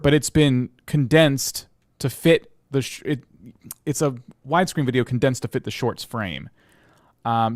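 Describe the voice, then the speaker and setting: A man's voice: mid-range voice, a little mellow, no echo, studio quality. A man co-hosting a livestream, reviewing channels in an easygoing, advisory way. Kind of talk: livestream casual chat.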